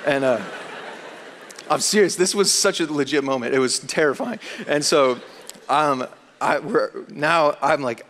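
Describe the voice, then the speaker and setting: A young man, a student chaplain, speaking from the stage in a university chapel and telling a personal story with animated energy. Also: mid-range voice, normal speed. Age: young adult. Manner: animated storyteller, acts out his own panic. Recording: long hall reverb.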